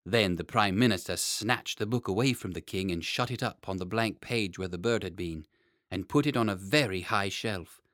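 A man narrating a children's story in an expressive, playful way. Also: sits low, normal speed, dry recording, clean studio sound. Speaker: audiobook narrator.

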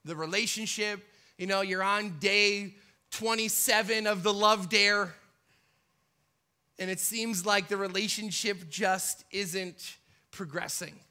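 A man's voice: high voice, pushed and bright. A man preaching a sermon in church, passionate, acting out the voices of people he quotes with rising intensity. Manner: impassioned, acts out quoted pleas with rising intensity.

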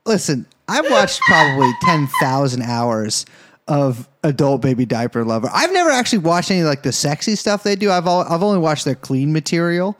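Man co-host, crude and jokey, very animated pitch. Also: normal speed, a little hiss or hum. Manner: crude, joking, swears a lot. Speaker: podcast co-host. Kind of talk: casual podcast chat.

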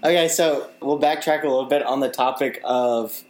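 A young man co-hosts a podcast in a relaxed, joking way, swearing casually as he reads from a list. His voice sits at a mid pitch and rings in an echoey room. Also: normal speed. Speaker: podcast co-host. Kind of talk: casual chat.

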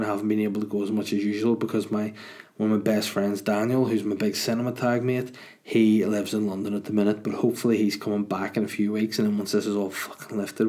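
A man hosting a podcast on his own, talking in a loose, rambling, jokey way with plenty of swearing. His voice sits fairly low. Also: mellow. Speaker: podcast host and stand-up comedian. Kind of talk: casual solo podcast chat.

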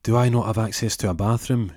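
A man's voice: fairly low pitch, steady tone, fast talker, darkish tone, dry recording, studio quality, close to an everyday voice. A man voicing a desperate young man who pleads his case in a courtroom with an impassioned, rising speech. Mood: indignant.

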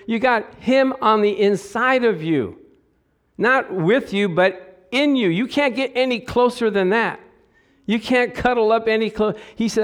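Man, middle-aged, pastor preaching, animated, rises on scripture, high voice. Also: a little slow, clear, resonant tone. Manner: animated preaching, rising loud on scripture, joking asides. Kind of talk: sermon.

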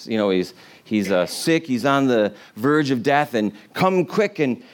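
A middle-aged man delivers a sermon in a relaxed, conversational storytelling manner. His voice sits in an ordinary middle pitch. He acts out the quoted lines with lively voices and laughs softly now and then. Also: measured pace. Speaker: pastor.

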